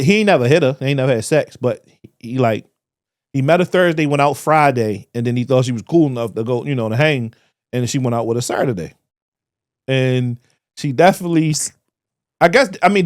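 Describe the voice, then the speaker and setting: A man co-hosting a podcast, telling a story in casual chat and jumping high in pitch when he gets excited. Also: no room sound, clean studio sound. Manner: animated, breaks into high excited pitch while telling stories. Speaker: podcast co-host.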